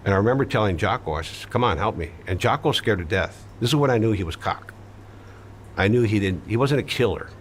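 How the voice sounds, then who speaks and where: Deep-voiced man telling a blunt story. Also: lively intonation, quick pace, slight background noise. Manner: blunt, matter-of-fact and profane, with frequent fillers. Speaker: interview guest recounting his past. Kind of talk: conversational storytelling.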